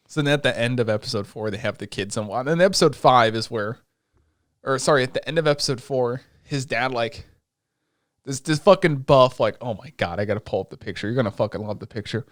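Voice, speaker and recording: A man co-hosting a podcast, chatting casually and excitedly with plenty of swearing as he retells scenes. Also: mid-range voice, quick pace, dry recording, studio quality. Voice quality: excitable, profane, retells scenes in quoted voices. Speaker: podcast co-host. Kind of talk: casual chat recapping an anime.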